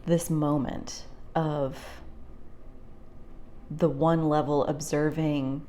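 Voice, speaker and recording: A young woman talking through a heartfelt personal reflection, rambling with many fillers and sometimes dropping to a soft near-whisper. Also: low-pitched, fairly even intonation, slow pace, a little hiss or hum. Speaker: spiritual vlogger.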